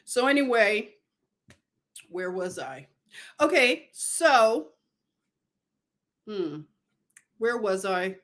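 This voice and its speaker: Chatty Philly woman, slow and digressive. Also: mid-range voice, sing-song, a bit bright. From Northeast Philadelphia. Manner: chatty, digressive, loses her thread. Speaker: nurse livestreamer. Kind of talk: casual livestream storytelling.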